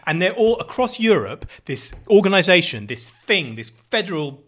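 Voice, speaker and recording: A middle-aged British man chatting casually as a podcast co-host, animated and jokey, swearing freely. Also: high-pitched, moderate pace. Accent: British English. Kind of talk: casual chat.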